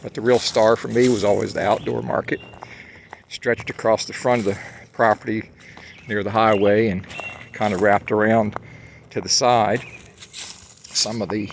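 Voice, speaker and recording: A man's voice: fairly low pitch, fairly even intonation, normal speed, vocal fry, long pauses, slight background noise. A man talks to his viewers while out on a hike, rambling casually with many fillers and restarts. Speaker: vlogger. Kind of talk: casual walking monologue. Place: outdoors on a hike.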